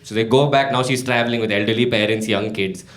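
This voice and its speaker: A young man from India performing a stand-up comedy set, animated, acting out both sides of his arguments on stage. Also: on the low side, quick pace. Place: comedy club stage before a laughing audience. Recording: echoey venue with crowd laughter.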